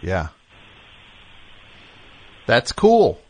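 A man's voice: medium pitch, drawn-out words, no room sound. A man hosting a call-in radio show, chatting loosely with callers in a rambling way full of fillers. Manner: relaxed, rambling, many fillers. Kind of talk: casual call-in chat.

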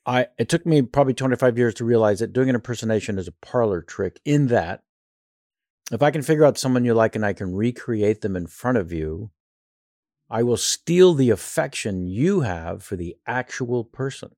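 A man's voice: mid-range voice, animated, normal speed, a little mellow, dry recording, studio quality. A male actor and impressionist telling rambling, self-deprecating stories in a casual interview.

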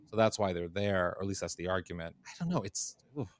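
A man's voice: sits low, lively intonation, fast. A man in his forties co-hosting a casual chat, talking in a loose, repetitive way as he thinks aloud. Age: 40s. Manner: chatty, stammers and repeats words while thinking. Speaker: podcast co-host.

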